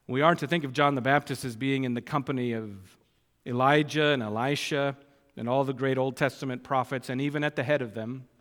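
A man preaching a sermon, speaking deliberately and rising with emphasis when he quotes scripture. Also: medium pitch, fairly even intonation, a bit bright. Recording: long reverb of a church hall.

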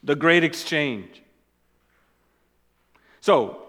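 Man, pastor preaching, emphatic, slow and deliberate, slightly high voice, echoing church hall. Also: animated. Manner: emphatic preaching, repeats key phrases, swings from loud to quiet. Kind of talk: sermon.

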